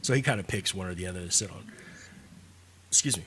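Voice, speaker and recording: A man co-hosting a radio chat, talking in a relaxed, rambling way. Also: low-pitched, fast, a little hiss or hum. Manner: relaxed, rambling, lots of fillers. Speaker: radio show co-host. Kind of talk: casual chat.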